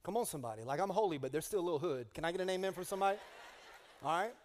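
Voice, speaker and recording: With slight background noise behind him, a middle-aged man preaches a comedic sermon in a high, rapid-fire voice. His storytelling bursts with comic energy and rising call-outs to the people in the sanctuary, where the large hall lends a long reverb.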